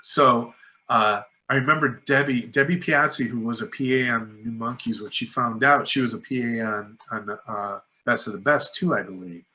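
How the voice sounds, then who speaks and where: In a casual interview, a middle-aged man who is a filmmaker guest tells energetic anecdotes and performs what people said. He says "like" and "you know" a lot, speaking at a normal speed in a mid-range voice.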